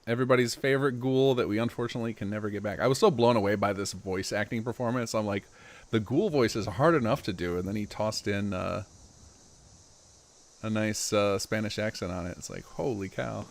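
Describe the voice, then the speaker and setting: A man streaming and commenting on a game he helped mod, chatty and quick to laugh, with rambling asides. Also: lowish voice.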